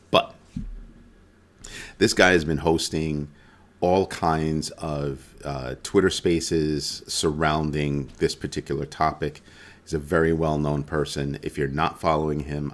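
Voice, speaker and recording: A man hosting a casual weekly crypto roundup, talking loosely and conversationally with frequent ums and self-corrections. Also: very deep voice. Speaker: crypto video host.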